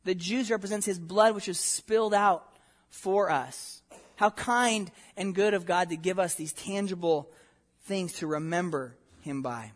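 A man's voice: sits high, a little slow. A man preaching a sermon as pastor, earnest and emphatic, posing rhetorical questions to his congregation.

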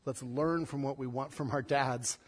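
A man, a pastor, preaching a sermon, swinging between loud emphatic stress and soft, hushed passages. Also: medium pitch, fairly even intonation, moderate pace, slightly rough, long reverb tail.

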